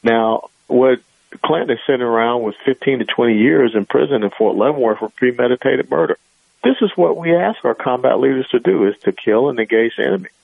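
A man's voice: medium pitch, brisk, gravelly, no echo, phone-quality sound. A man who is a guest on a radio talk show, arguing emphatically and often saying "you know". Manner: emphatic, argumentative, filler-heavy.

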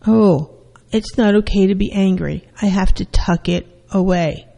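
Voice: mid-range voice, unhurried, gravelly, big-room sound, poor audio. A therapist playing a resigned, hurt child. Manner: soft, resigned, self-talk. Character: hurt young child giving in to a parent.

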